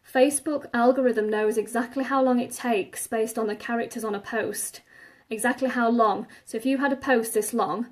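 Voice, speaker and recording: Woman, live-stream business coach, slightly breathless, higher pitch, direct advice-giving delivery. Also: fairly even intonation, normal speed. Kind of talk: live-stream talk to viewers.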